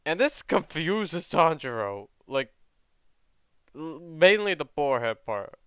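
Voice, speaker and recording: A man's voice: on the high side, very animated, slow pace, clear, resonant tone, no room sound, studio quality. Chatty man narrating a fan story. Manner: chatty, self-correcting, laughing asides.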